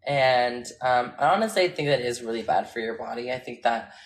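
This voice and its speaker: Woman with a really deep voice rambling on a phone livestream, lots of laughing, echoey room. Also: expressive, normal speed. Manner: candid, rambling, laughs often. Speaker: livestreamer answering viewer comments. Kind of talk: casual livestream chat.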